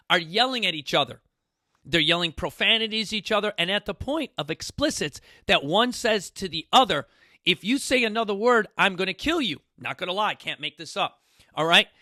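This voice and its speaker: A man talks casually to a studio audience, full of energy and acting out bits of his stories. His voice sits high and sounds bright. The recording is dry and close. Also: no room sound. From New York City. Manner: animated, repeats "you guys", acts out quotes. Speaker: fitness coach hosting a talk.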